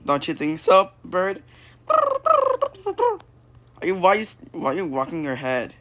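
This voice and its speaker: A man improvising a goofy VR puppet comedy, excitable and silly, breaking into sudden squeals. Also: on the high side, normal speed, a little hiss or hum. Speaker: puppet show creator.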